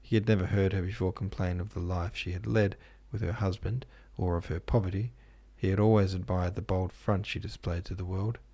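A man narrating a classic novel as an audiobook host, in a measured, even storytelling manner. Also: deep voice. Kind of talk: scripted literary narration.

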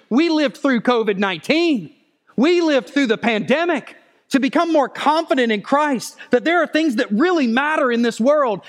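A man preaching a sermon as pastor, earnest and pleading, rising louder and higher as he presses his points.

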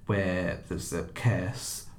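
In an echoey room, a deep-voiced man draws out his words in a steady tone. He's hosting a horror podcast and introducing the episode, chatting casually, laughing easily, and making self-deprecating remarks.

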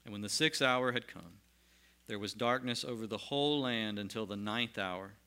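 A man's voice: on the low side, moderate pace, sharp tone, clean tone. A male pastor preaching a sermon and reading scripture aloud in an earnest, emphatic way.

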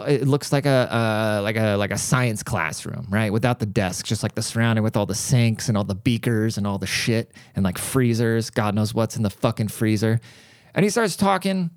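A man's voice: mid-range voice, normal speed, no echo, studio quality. A middle-aged man hosting a podcast, telling a rambling, profane story in a casual monologue. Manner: rambling, profane, animated asides. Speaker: podcast host.

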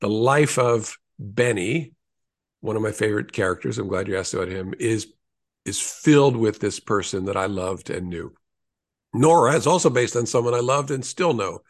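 A man's voice: lowish voice, moderate pace. A man in his sixties, an author being interviewed, telling stories in an earnest, reflective way with small restarts.

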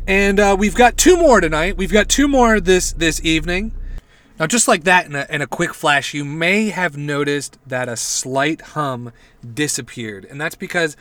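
A man hosting a podcast, talking in a rambling, deadpan comedic monologue from inside his parked car. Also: on the high side, moderate pace. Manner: rambling, deadpan, with asides to listeners. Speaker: podcast host.

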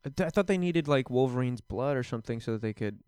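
A man's voice: medium pitch, lively intonation, fast talker, a little mellow, clear, resonant tone, no room sound. A man co-hosting a podcast, joking crudely and riffing on the story in casual banter. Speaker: podcast co-host.

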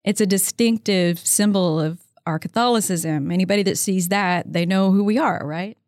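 A woman shares stories in a relaxed interview. She has a mid-range voice and speaks with warm, eager enthusiasm. The recording is dry and close. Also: medium pitch, moderate pace, no echo. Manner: warm, storytelling, enthusiastic about her faith. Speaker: guest author. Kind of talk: casual interview conversation.

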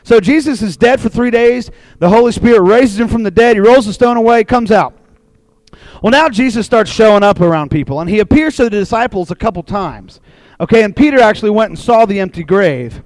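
A man preaching a casual sermon to a group, telling a Bible story in a chatty, animated way. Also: sits high, a little fast, no echo, low-quality recording. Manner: chatty and animated, acting out voices in quotes. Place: room with a live audience.

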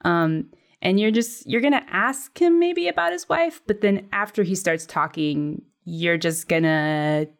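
A woman hosts a casual podcast over a video call, her voice sitting on the lower side. She explains her ideas haltingly, with frequent laughter breaking in. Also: expressive. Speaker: podcast host.

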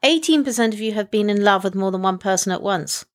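A woman's voice: mid-range voice, fast. A British woman co-hosting a podcast, chatting casually, hesitant with many ums and restarts, dry and wry. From Britain. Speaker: podcast co-host. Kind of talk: casual chat. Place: in Canada.

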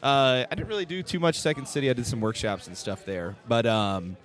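A man's voice: medium pitch, brisk, fairly bright tone. A man who performs improv, chatting casually and rambling with jokes and frequent laughter. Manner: jokey, rambling, laughs a lot. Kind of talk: casual podcast chat.

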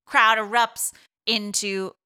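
A woman from Boston casually retelling a film plot, animated and full of fillers, acting out the dialogue. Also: medium pitch, slow, smooth, no room sound, clean studio sound.

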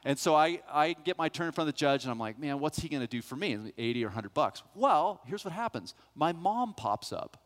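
A middle-aged male pastor telling a personal story as part of a sermon, animated and acting out the voices of the people in it. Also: fairly high pitch, fairly quick, few pauses. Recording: long hall reverb.

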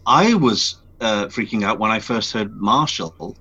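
Bright man on a dull lo-fi call. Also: on the low side, a little slow, slightly rough. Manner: animated, excitable storyteller. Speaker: voice actor guest. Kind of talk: casual interview chat.

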